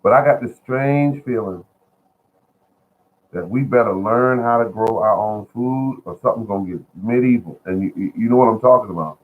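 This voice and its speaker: A man whose voice is fairly low speaks at a moderate pace, chatting from indoors at home about good deals on gardening supplies. He goes over things repeatedly and calls viewers "folks," recorded with lo-fi, phone-style sound.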